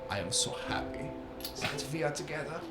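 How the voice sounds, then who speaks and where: A man's voice: a little high, animated, brisk, roomy sound, over loud music, pitched above the performer's own voice, lightly acted. A man voicing a grand, mannered fae lord with airy, theatrical courtesy. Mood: gracious.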